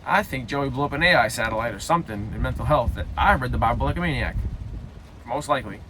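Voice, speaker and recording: A young man reading a story aloud haltingly, breaking off for loud self-mocking side comments. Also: medium pitch, lively intonation, slight background noise. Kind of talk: casual read-aloud with joking asides.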